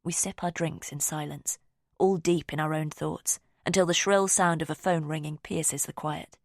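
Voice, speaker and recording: A woman narrating a thriller audiobook in the first person, measured and even. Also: low voice, gravelly, dry recording, clean studio sound.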